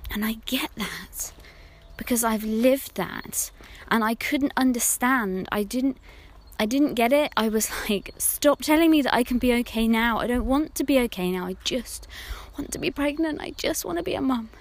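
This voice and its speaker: Soft-spoken, slow, higher-voiced woman. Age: adult mother of older children. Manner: earnest, intimate, often dropping to a hushed near-whisper. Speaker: podcast host on infertility. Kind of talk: reflective solo monologue.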